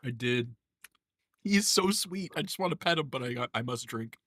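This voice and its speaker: Bright-voiced joking male game master. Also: medium pitch, lively intonation, moderate pace, no room sound, studio quality. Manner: joking, laughs often, swears casually. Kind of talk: casual tabletop game banter.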